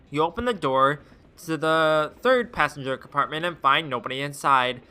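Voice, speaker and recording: Bright-voiced man reading a game aloud. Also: on the high side, normal speed, clear, resonant tone. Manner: wry, deadpan asides. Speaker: streamer.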